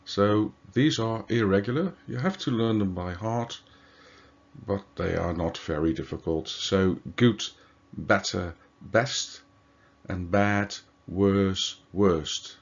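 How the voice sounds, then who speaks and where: A language teacher whose first language is Dutch explains grammar slowly and deliberately in a lowish male voice, using fillers and correcting himself along the way. The recording is dull and lo-fi.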